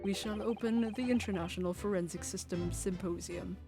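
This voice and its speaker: A woman's voice: medium pitch, a little fast, music in the background, lightly acted. A woman voicing a stern, self-important male Lord Chief Justice as she reads game dialogue aloud, formal and dismissive.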